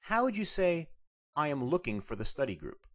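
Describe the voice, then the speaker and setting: Man, language teacher, question-and-answer drills, answers repeated, animated pitch. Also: normal speed.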